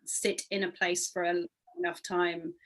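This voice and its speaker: A woman's voice: lowish voice, little pitch movement, normal speed, poor audio. A woman interviewer and performance artist talking in a thoughtful, reflective way in casual conversation.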